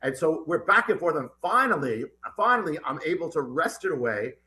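Guest author, middle-aged man, bright slightly high voice, tells his story urgently and stumbles into restarts. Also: a little fast. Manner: animated, urgent, with many restarts. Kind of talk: recounting a personal story in an interview.

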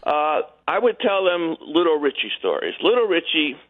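Male caller, high-ish and very lively pitch, jokey storyteller, heard over a thin phone line. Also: normal speed. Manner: animated joke-telling, acts out quotes in voices. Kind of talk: storytelling on a call-in show. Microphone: telephone.

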